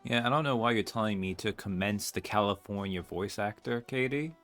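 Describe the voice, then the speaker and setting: A man's voice: lowish voice, brisk, a bit bright, soft background music. A man giving casual, wry commentary while playing through a game. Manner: chatty, wry asides. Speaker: let's-play streamer.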